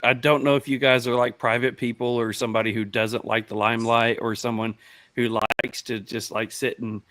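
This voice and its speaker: A man's voice: medium pitch, little pitch movement, brisk, background noise. Man host asking easygoing questions. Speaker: podcast host. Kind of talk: casual interview chat.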